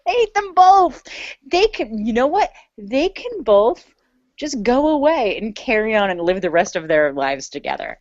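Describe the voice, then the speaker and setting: A woman's voice: on the high side, very animated, unhurried, a little mellow, dry recording. A woman co-hosting a podcast in casual chat, blunt and dismissive. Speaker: podcast co-host. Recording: dry, slightly muffled lo-fi audio.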